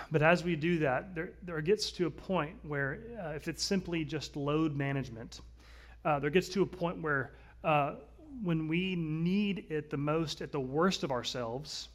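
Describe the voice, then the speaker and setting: Male pastor, 30s, earnest conversational sermon delivery, slightly raised pitch. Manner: earnest, conversational preaching with shifts between loud and soft.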